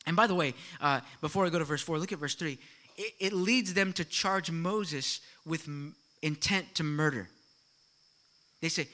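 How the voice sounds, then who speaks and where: A middle-aged man preaching a sermon to his congregation, animated and full of rhetorical questions and quick asides. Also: sits high. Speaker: pastor.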